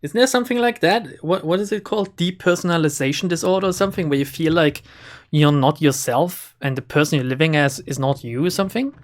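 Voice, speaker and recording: A woman streamer giving casual, playful commentary while playing a game, chatty and quick to swear at the characters. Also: sits low. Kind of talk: casual let's-play commentary.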